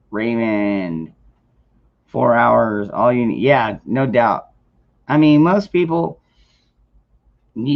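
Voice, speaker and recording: A man's voice: medium pitch, gravelly. A man hosting a casual late-night livestream, rambling in a laid-back way and greeting chat viewers by name. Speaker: livestream host. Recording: dull lo-fi stream audio.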